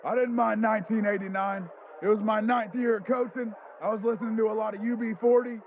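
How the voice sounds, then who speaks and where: A man doing a blunt, bossy old ball coach in a comedy sketch, his high voice barking out short dismissals. It sounds squeezed through a narrow, phone-like line with faint hiss. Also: little pitch movement, fast talker. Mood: curt. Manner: curt, dismissive, barking orders. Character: gruff older male football coach, blunt war veteran.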